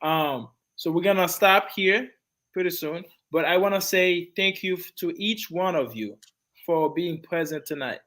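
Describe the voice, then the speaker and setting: A man's voice: high voice, measured pace, a bit bright, poor audio. Encouraging male English teacher. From Haiti. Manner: encouraging, repeats phrases. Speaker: English teacher hosting an online class. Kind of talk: wrapping up a class discussion.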